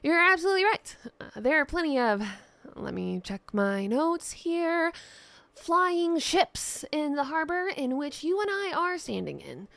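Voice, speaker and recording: A woman's voice: high voice, sing-song, a little slow, creaky, a bit bright, no echo, voice pushed up, exaggerated voice. A woman voicing a theatrical male jester and priest who talks in playful, rambling banter. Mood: teasing.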